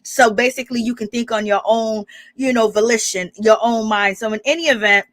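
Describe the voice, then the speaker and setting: A woman's voice: on the high side, a little fast, a bit bright, no echo. A woman giving casual, sassy gossip commentary as a reality TV recap vlogger, chatty and full of rhetorical questions.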